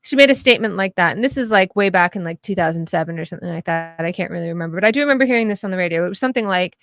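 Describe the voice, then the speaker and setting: Podcast guest, female, animated and chatty, breaks into laughter, restarts her sentences, dry close mic. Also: fairly low pitch, very fast, no room sound. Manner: animated, laughing often, many restarts and fillers. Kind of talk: casual political discussion.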